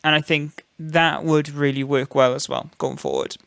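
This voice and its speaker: Slightly high man, dry close sound. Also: flat delivery, normal speed, vocal fry, fairly bright tone, no room sound. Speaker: podcast co-host. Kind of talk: casual wrestling chat.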